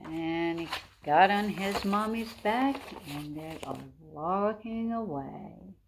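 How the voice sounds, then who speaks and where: A woman teacher reading a picture book aloud to young children, gentle and slow, with asides to them. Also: mid-range voice, noisy background. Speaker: preschool teacher.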